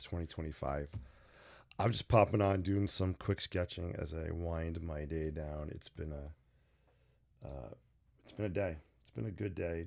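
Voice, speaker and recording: A man's voice: low voice, gravelly, a little mellow. A man hosting a casual sketching livestream from his desk, talking loosely and unrehearsed to viewers, tired and stuffy from a sinus cold. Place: home desk. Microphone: desk microphone.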